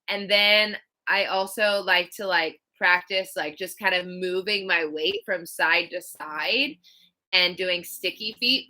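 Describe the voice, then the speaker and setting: Woman, thirties, live stream host, casual chat, filler-heavy, bright tone. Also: fairly low pitch. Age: 30s. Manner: chatty, many "like" and "um" fillers. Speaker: skating channel host.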